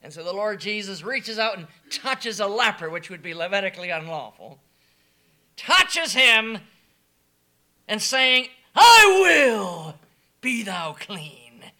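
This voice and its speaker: A man preaching a sermon in a very bright, ringing voice. He is emphatic and animated, dropping into quiet asides and then rising to loud, shouted declarations. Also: high-pitched, measured pace.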